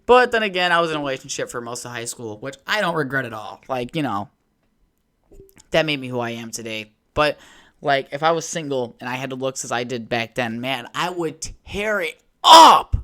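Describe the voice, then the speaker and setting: A young man talks alone into his podcast mic at home, rambling through his story with plenty of swearing. His delivery is loose, conversational and unscripted, with an ordinary middle pitch. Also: brisk, sharp tone, smooth. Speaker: podcast host. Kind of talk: solo casual podcast rant. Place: at home by a window.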